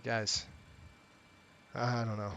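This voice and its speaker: A man's voice: mid-range voice, level tone, drawn-out words, a bit bright, dry recording. A middle-aged man streaming a flight sim, chatting casually and talking straight to his viewers. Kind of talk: casual live-stream chat and commentary.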